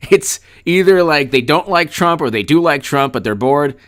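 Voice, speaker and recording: A man's voice: fairly high pitch, lively intonation, normal speed, a bit bright. A man hosting a political livestream, greeting chat viewers and mocking his opponents sarcastically. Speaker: political commentator. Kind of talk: livestream commentary reading chat.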